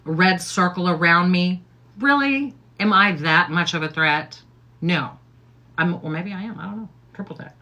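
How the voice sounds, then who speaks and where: A middle-aged woman chatting casually as she gets ready on a livestream. Her voice sits low yet has a bright, sharp edge. She rambles and keeps tossing in "okay?" and "like". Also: moderate pace, dull audio. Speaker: livestream host.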